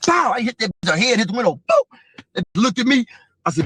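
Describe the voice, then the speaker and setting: A man's voice: high voice, very animated, fast talker, fairly bright tone, slightly rough, no echo. A man telling a profane, vivid story as an interview guest. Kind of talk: casual storytelling.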